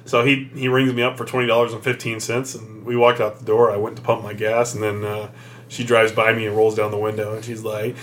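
A man co-hosting a podcast, telling a story in a casual, animated way and acting out voices. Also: fairly low pitch, a little fast, slight background noise. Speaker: podcast co-host.

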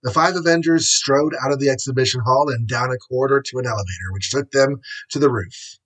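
Male narrator, storybook reading, steady, husky, middling pitch. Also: brisk, rough recording.

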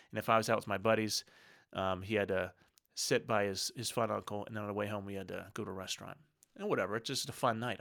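A man in his thirties with a low, gravelly voice, talking earnestly and casually as a solo podcast host. His speech is conversational and unscripted, and he sometimes voices his own inner thoughts. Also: fairly bright tone.

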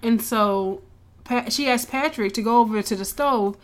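Woman, a bit high-pitched, lively, cursing, acting out lines from the show. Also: normal speed. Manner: animated, swears freely, acts out characters' lines. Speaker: podcast co-host recapping a show. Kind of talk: casual storytelling recap.

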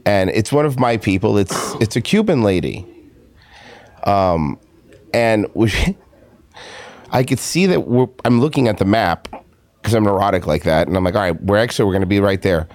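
A man's voice: on the low side, animated, normal speed, a little mellow, dry recording. A man co-hosting a podcast, telling a story in casual chat, often repeating and restarting his phrases. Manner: rambling, repeats himself. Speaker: podcast co-host.

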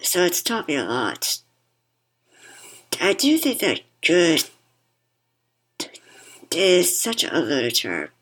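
Very low, husky woman speaking through a mask. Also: wildly swooping pitch, slow, long pauses, a bit bright, poor audio. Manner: thoughtful, sometimes repeats words. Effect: speaks through a worn mask. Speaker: podcast guest. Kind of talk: reflective conversation.

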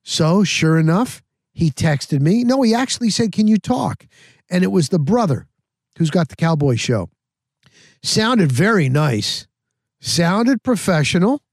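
Male podcast host, a bit higher voice, animated rambling storyteller, dry close-mic sound. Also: a little slow, no echo. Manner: rambling, animated, repeats himself. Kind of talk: casual storytelling.

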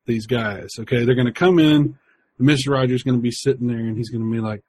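A man's voice: medium pitch, fast, darkish tone, breathy edge, dry recording. A man in casual chat, telling a rambling, crude comic story.

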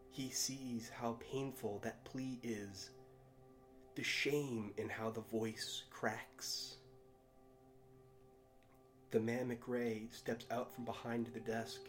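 A man reading dark fiction aloud in a measured, grave delivery. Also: on the low side.

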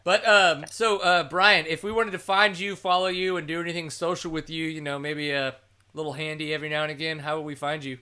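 A man's voice: a little high, fairly even intonation, a little fast, bright, forceful tone, clean tone. A man hosting a casual podcast, brash and joking with crude humor. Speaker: podcast host. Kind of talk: casual chat.

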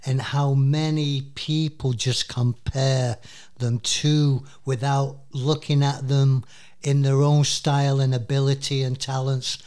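A man's voice: medium pitch, flat delivery, takes it slowly, a little mellow, clear, resonant tone. A man co-hosting a casual music chat show, rambling with plenty of fillers and restarts. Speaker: radio co-host.

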